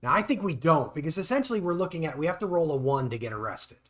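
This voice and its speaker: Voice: medium pitch, big pitch swings, fast talker, fairly bright tone. A board game player in a casual tabletop playthrough, explaining the rules step by step and laughing often.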